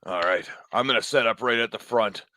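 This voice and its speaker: A man playing a gruff soldier in a tabletop role-play, talking in a casual, bantering way. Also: mid-range voice, fairly quick, sharp tone, a little hiss or hum. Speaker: player.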